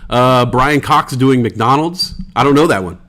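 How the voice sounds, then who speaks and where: A man's voice: mid-range voice, expressive, unhurried, sharp tone. Loose, rambling American man. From United States. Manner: loose, rambling, swears freely. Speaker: podcast host. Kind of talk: casual solo podcast chat, reading listener comments.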